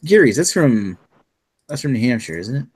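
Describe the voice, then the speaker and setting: A man's voice: mid-range voice, sing-song, moderate pace, slightly rough. A man from New Brunswick, Canada, hosting a casual beer chat and reading the beer news in a rambling, laid-back way with plenty of swearing. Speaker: beer podcast host.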